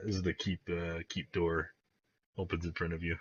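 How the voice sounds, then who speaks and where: A man with a very low, husky voice narrates a tabletop game as game master, wandering through scenes with plenty of fillers. The recording is dry and dull, with a muffled, lo-fi edge. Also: little pitch movement, normal speed, dry recording. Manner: rambling, with many fillers.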